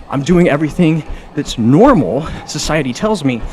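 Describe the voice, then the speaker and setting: A man's voice: on the high side, big pitch swings, moderate pace, darkish tone. A man ranting casually and a bit preachily while gaming on a treadmill. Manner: talkative, preachy, rambling; exercising on a treadmill while talking. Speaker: gaming streamer. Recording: music clearly behind.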